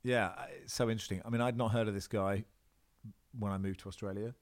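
This fast-talking football presenter, his voice on the low side, chats at home in Australia during a casual interview. He's animated and rambling, constantly restarting and filling gaps.

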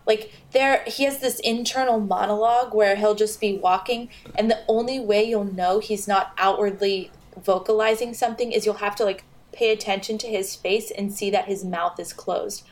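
Animated woman laughing through a critique. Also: medium pitch, moderate pace, hardly any pauses. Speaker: podcast co-host. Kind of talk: casual chat reviewing a video game.

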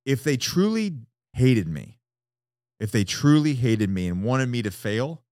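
A man guest on a casual podcast, profane and animated, often acting out what others said. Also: medium pitch, a little slow, no echo, clean studio sound. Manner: profane, animated, acts out quotes. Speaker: guest, former Marine.

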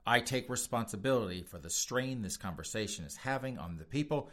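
This podcast host has a medium-pitched, slightly bright voice and speaks briskly and with animation, offering sarcastic, mocking opinion commentary. He laughs often and addresses listeners directly as folks.

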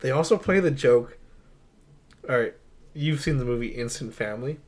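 A man's voice: mid-range voice, lively intonation, moderate pace, a little mellow. Enthusiastic young man reviewing films. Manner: enthusiastic, rambling, laughs often. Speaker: podcast co-host. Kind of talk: casual movie review chat.

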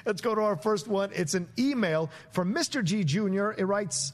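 A man hosts a casual movie podcast, his voice sitting a touch higher than most men's. He talks in a jokey, effusive way and piles on the praise. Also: moderate pace, hardly any pauses. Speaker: podcast host.

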